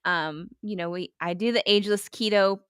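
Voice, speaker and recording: A woman's voice: mid-range voice, moderate pace, smooth, no echo, clean studio sound. A woman who works as a health coach, chatting casually over a video call from her office, rambling with many restarts and laughs. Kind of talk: casual chat.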